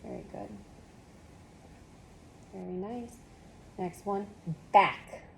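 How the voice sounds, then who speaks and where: A woman tutoring one-on-one in phonics, giving patient step-by-step prompts and steady encouragement. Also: medium pitch, moderate pace, slight background noise. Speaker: reading tutor.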